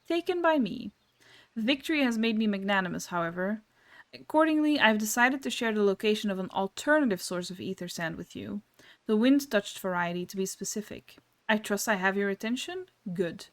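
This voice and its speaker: A woman's voice: medium pitch, lively intonation, brisk, natural voice. A woman reading aloud the lines of a mysterious, smug male game figure, with formal, old-fashioned diction. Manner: archaic, formal and mock-gracious diction.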